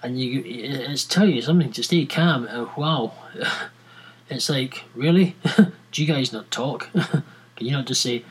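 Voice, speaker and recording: A man's voice: mid-range voice, a little slow, husky, low-quality recording. A Scottish man talking casually to viewers, ranting at length with many restarts and fillers. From Scotland.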